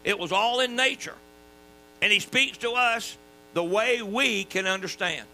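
Southern guy preaching in church, sharp bright tone, faint mains hum. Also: high voice, measured pace, poor audio. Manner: folksy, emphatic preaching with sudden drops to quiet. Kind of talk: sermon.

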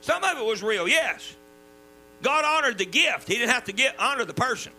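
A man with a Southern US accent preaching a sermon in a folksy, emphatic way, dropping suddenly to quiet. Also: very high-pitched, lively intonation, normal speed, low-quality recording. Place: church. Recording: mains hum underneath.

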